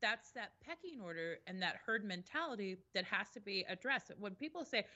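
A woman's voice: medium pitch, big pitch swings, brisk, hardly any pauses, sharp tone, lo-fi sound. A woman giving blunt, emphatic opinions in a casual discussion, swearing freely.

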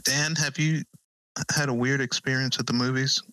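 A man's voice: mid-range voice, fairly even intonation, moderate pace, bright, forceful tone, slight background noise, low-quality recording. A man co-hosting a comedy podcast, asking questions and joking casually. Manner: asks questions, goofy voices in jokes. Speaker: podcast co-host.

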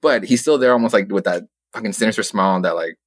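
Speaking fast in a low, breathy voice, a young man co-hosts a podcast and gives a rambling, foul-mouthed recap of a comic book. He laughs a lot and tosses in quotes from the characters. The recording is dry.

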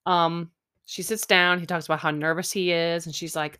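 A woman's voice: on the low side, flat delivery, normal speed, bright, forceful tone, clear, resonant tone. A young woman recapping a reality dating show in a chatty, sarcastic way, often mimicking people. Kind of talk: casual recap chat.

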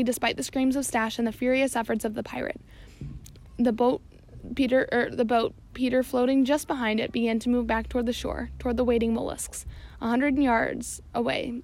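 A woman's voice: on the high side, darkish tone. A woman narrating an audiobook chapter, reading steadily with occasional slips and self-corrections. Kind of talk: scripted narration.

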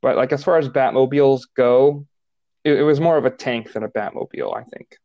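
A man's voice: mid-range voice, fairly quick. Guy on a podcast rambling, says like a lot, kinda dull lo-fi sound. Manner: rambling, lots of "like" fillers. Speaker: podcast co-host. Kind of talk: casual podcast chat.

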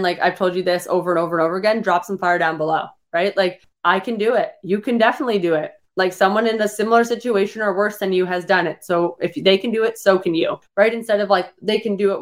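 A woman fitness coach hosting a live-streamed podcast, speaking in a casual motivational style, blunt and energetic, swearing freely and using lots of fillers. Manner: voices the listener's complaints in a higher pitch.

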